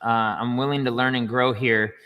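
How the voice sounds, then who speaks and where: A man explaining banking step by step in casual livestream chat, chatty and quick to laugh. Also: mid-range voice, fairly even intonation, pushed and bright, in a large hall. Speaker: finance educator guest.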